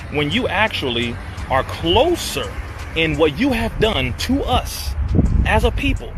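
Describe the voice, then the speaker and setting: A man hosting a show, delivering heated, accusatory commentary full of rhetorical questions. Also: a little high. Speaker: host. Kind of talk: impassioned commentary.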